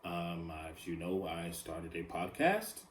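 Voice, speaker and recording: A podcast host with a low, sing-song voice speaks slowly in an echoey room, with slight background noise. His solo monologue is casual, loose and rambling, confessional in tone and full of fillers.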